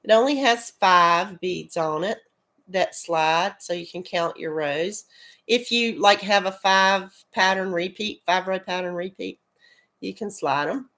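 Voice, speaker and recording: A woman's voice: lowish voice, unhurried, a bit bright. A middle-aged woman with a rural American accent, hosting a casual crafting live stream while fighting a cold, chatting, laughing often and greeting viewers by name. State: has a cold, coughing. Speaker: crochet channel host.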